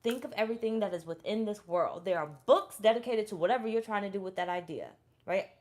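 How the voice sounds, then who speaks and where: A woman's voice: mid-range voice, quick pace, a little mellow. Young adult woman tarot reader, blunt, profane, chatty and repetitive. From Florida, USA. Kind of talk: casual tarot reading with personal story.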